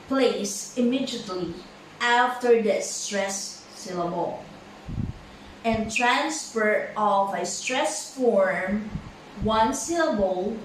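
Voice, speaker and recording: Slow woman teacher in an echoey room. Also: medium pitch, far from the mic, slight background noise. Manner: slow, halting, many fillers and repeated words. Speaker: English pronunciation teacher. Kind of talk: slow classroom lesson.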